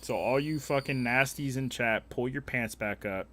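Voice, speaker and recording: A man's voice: medium pitch, moderate pace, pushed and bright. A young man chatting casually on a live stream, joking crudely and swearing as he answers chat.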